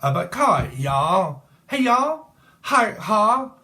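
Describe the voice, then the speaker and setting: Picture a British man hamming up a brash Texan caricature who yelps his greetings in a high, loud, sing-song drawl. It is pitched well above his normal voice and delivered with a big, bouncing swagger. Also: sing-song, very slow, full character voice. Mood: whooping.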